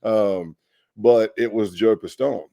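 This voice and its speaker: A man telling stories in a casual podcast interview, animated, acting out quotes and laughing often. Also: on the low side, slow, gravelly, no echo, studio quality. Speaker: guest, former FBI agent.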